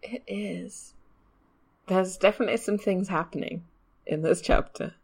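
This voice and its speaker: A woman's voice: mid-range voice, unhurried, gravelly, darkish tone, husky. A woman co-hosting a podcast in casual, rambling, self-deprecating chat over a video call. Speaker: podcast co-host.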